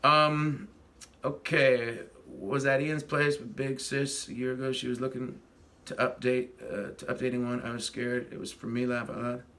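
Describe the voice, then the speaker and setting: A man hosts a casual livestream chat, rambling as he greets viewers, reads their comments and fiddles with the stream. His mid-range voice is steady, bright and forceful at normal speed, with slight background noise.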